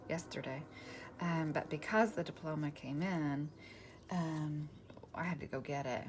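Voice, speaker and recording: A woman in her forties, a craft vlogger, chatting casually and rambling through a story while she works, sometimes dropping to a soft near-whisper. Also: low voice, a little slow. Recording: paper crinkling noise in the background.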